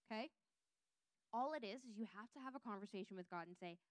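A woman teaching a Bible lesson, reading scripture aloud with lively voiced quotes and checking in with her listeners. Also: fairly high pitch, fast talker, dry recording.

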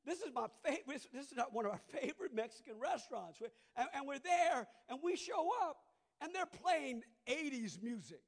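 A middle-aged man with a Cajun Louisiana accent preaching a sermon, moving between soft conversational asides and loud, drawn-out preaching. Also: very high voice, lively intonation. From southern Louisiana. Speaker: pastor.

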